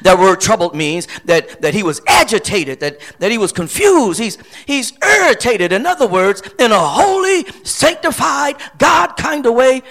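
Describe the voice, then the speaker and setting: A middle-aged man from Flint, Michigan preaching a sermon, repeating phrases and building to shouts. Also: high voice, sing-song, normal speed, few pauses. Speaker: pastor.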